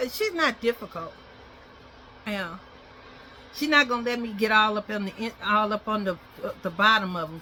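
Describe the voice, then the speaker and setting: A woman's voice: mid-range voice, pushed and bright, a little hiss or hum. A woman chatting casually in a home vlog while brushing her dog's teeth, rambling and switching to coaxing baby talk. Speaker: dog owner vlogger.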